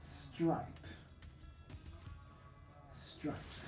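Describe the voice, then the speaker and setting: Slow, halting woman teaching in an echoey room. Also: low-pitched. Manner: halting, self-correcting, many fillers. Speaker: English teacher. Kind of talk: unscripted grammar lesson. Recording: echoey room with faint music.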